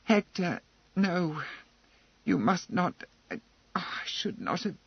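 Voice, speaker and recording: An anxious young woman pleads in a breathless, imploring voice, voiced by a man reading aloud. Her lines are set a little higher, with a husky edge and a lively lilt on a slightly dull recording. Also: slow pace, dry recording, heavily acted.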